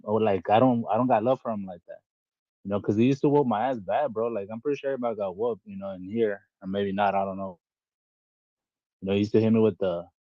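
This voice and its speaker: Podcast co-host, man, lowish voice, candid and profane, dry muffled recording. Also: no echo. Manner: blunt, profane, rambling with many fillers. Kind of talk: candid casual chat. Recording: dull, dry lo-fi audio.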